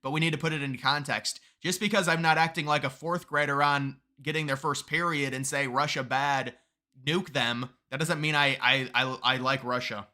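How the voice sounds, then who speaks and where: Answering his viewers' chat during a political commentary stream, a man argues with rising heat and emphasis, frequently repeating words and starting over. He speaks fairly quickly with hardly any pauses, in a slightly high, sharp voice with fairly even intonation.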